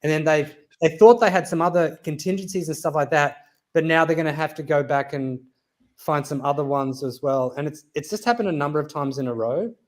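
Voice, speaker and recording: Man, Australian accent, fairly high voice, earnest casual talk. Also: brisk. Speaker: podcast co-host. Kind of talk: casual chat.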